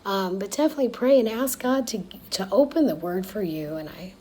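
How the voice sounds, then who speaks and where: A woman's voice: mid-range voice, animated, a little fast, mellow, a little hiss or hum. Chatty woman retelling a Bible story. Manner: slangy and chatty, dropping to a whisper for asides.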